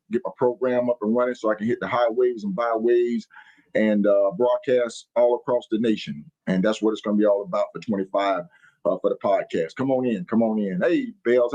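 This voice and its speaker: A man's voice: medium pitch, a little mellow. Man, podcast host, folksy, repeats greetings, lo-fi stream sound. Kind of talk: live-streamed podcast chat. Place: on the road while traveling.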